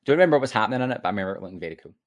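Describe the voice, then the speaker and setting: A man's voice: on the low side, expressive, racing. A man co-hosting a podcast, chatting casually and reading news aloud with many fillers. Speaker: podcast co-host.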